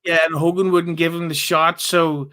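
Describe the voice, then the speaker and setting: A man, talking as a guest on a podcast. His voice is high for a man, and bright with an edge of tension. He swears often and makes fun of himself in a relaxed, chatty way. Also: normal speed. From Northern Ireland. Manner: swears freely, self-mocking humor. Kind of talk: casual chat.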